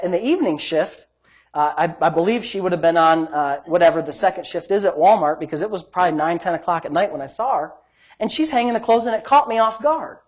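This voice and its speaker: A man preaching a sermon, telling a personal story and swinging between loud exhortation and quiet, hushed storytelling. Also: sits high.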